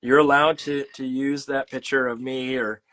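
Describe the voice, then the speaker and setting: A man's voice: medium pitch, level tone, normal speed, bright, forceful tone. A man hosting a casual interview over a video call, rambling with many fillers and teasing his guest. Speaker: podcast host and illustrator.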